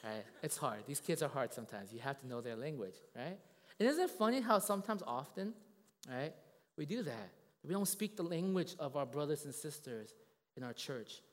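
A man preaching in a church, telling a story in a lively, conversational way and checking in with the congregation again and again. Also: a little high, moderate pace, in a large hall. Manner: animated, conversational, asks many tag questions. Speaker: pastor. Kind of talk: sermon with a told story.

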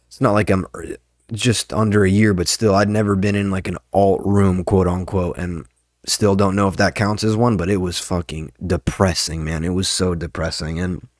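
A man's voice: deep voice, no echo, clean studio sound. A young man and open mic comedian, rambling and swearing a lot in a casual podcast monologue. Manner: rambling, profane, ranting.

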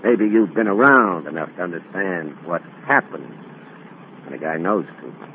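A man's voice: low voice, lively intonation, normal speed, narrow, tinny audio. An actor playing a bossy, scheming male crook in a 1940s radio drama. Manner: tough, bossy and clipped. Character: scheming male crook posing as a rich man. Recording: scratchy old radio broadcast, thin and hissy.

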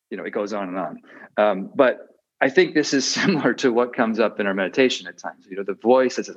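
Low-ish guy giving a meditation talk, lots of ums and restarts, thoughtful, sound kinda dull. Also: a little fast. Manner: reflective, hesitant with fillers and restarts. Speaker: meditation teacher. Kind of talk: dharma talk. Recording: dull muffled audio.

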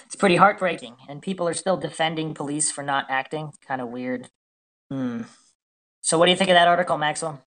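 Low-voiced skeptical woman podcast host. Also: a little fast, fairly bright tone. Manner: questioning, skeptical, reads out articles and posts. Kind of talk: casual true-crime podcast chat.

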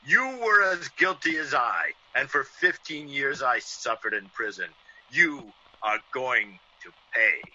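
A man's voice: medium pitch, expressive, unhurried, pushed and bright, a little hiss or hum. An actor playing a man who acts out a vengeful ex-convict, in theatrical 1940s radio acting. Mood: menacing. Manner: theatrical, menacing in the scene within the scene. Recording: dull lo-fi old radio recording.

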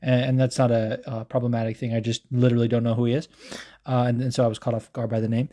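A man's voice: medium pitch, fast. A man hosting a casual recap show, rambling and swearing a lot, full of fillers and asides, a bit hungover. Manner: profane, rambling and animated, with many fillers. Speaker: podcast host recapping fights. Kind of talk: casual chat.

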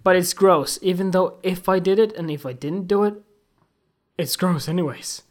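A man hosting a podcast, telling funny everyday stories in a loose, animated and crude way, often laughing at himself. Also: high-pitched, normal speed. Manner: animated, giggly, crude, self-mocking. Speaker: podcast host. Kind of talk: casual comic storytelling.

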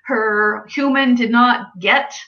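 A woman guest recounts stories from her work with animals, acting out her clients' words with lively jumps in her voice. Her audio comes through a little dull and lo-fi. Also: slow. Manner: animated storyteller, acts out quoted clients and pets with pitch jumps. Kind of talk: storytelling in casual chat.

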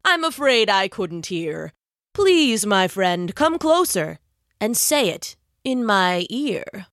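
A woman voicing a crafty old male lion king who fakes being sick, croaking and pleading in a feeble, slow storybook voice. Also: mid-range voice, sing-song, a bit bright, no echo, studio quality, exaggerated voice. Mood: feigning weakness.

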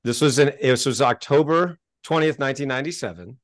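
A middle-aged man telling his story as a podcast guest, animated and emphatic, and he gets worked up as he talks. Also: mid-range voice, brisk, dry recording, clean studio sound. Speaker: interview guest.

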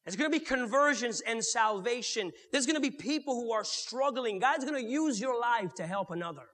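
A man pastor preaching a sermon, swinging from loud to murmured and mimicking churchgoers in quick mock voices. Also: very high-pitched, lively intonation. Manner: preaching with sharp swings in loudness, dropping to near murmurs. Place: church sanctuary. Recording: long reverb of a church hall.

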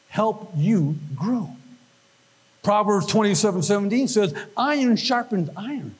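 A man preaching a sermon, animated, with call-and-response and questions to the congregation. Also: high voice, gravelly, slightly rough. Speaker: pastor.

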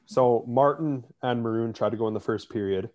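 Man co-host, animated ranting, filler-heavy delivery, casual talk. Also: medium pitch, brisk. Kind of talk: casual sports chat.

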